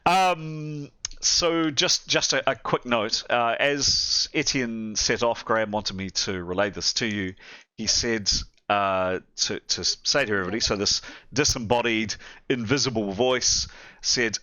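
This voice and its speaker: Bright-voiced man running a tabletop game. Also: mid-range voice, a little slow, dry recording, highs cut off. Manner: lively narration, shouting panicked sailors in character. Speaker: game master. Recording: faint background noise.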